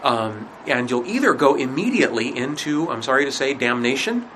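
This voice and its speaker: A man teaching a religion class in a conversational lecture, asking rhetorical questions and often pausing with fillers. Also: mid-range voice, expressive, a bit bright, slight background noise, rough recording.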